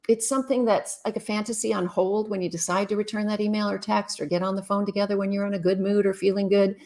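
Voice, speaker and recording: A woman from Canada hosting a live-stream Q&A on relationships, greeting viewers in a casual, chatty way and giving frank, brisk advice. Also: on the high side.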